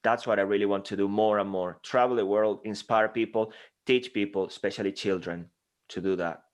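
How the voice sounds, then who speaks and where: Energetic Spanish-accented man. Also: fairly low pitch, fairly quick. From Spain. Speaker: guest speaking coach. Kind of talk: interview conversation.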